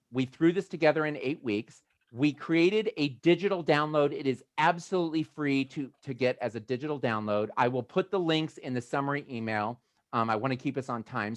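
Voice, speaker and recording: A man from the United States hosting a video call, talking casually in a rambling way with animated asides. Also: mid-range voice, dry recording. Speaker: host of a motivational video call. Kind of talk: casual chatty talk.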